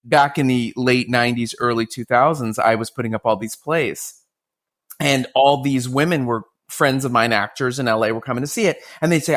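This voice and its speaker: A man's voice: medium pitch, moderate pace, fairly bright tone. A man hosting a podcast interview, playful and joking, with casual swearing. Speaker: podcast host.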